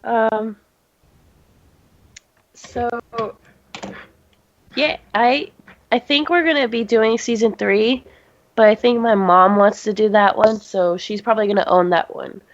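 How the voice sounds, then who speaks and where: A teenage girl co-hosting a casual chat, sick and coughing, giggly and halting with lots of restarts. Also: fairly high pitch, lo-fi sound. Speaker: podcast co-host.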